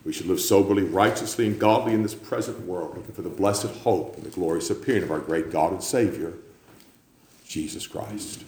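A man preaching a sermon, building to loud climaxes and then dropping low. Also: fairly quick. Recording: echoey room with faint background noise.

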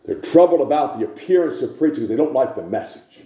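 A man preaching a sermon in a church, building to repeated shouted refrains. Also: medium pitch, lively intonation, fast, echoey room.

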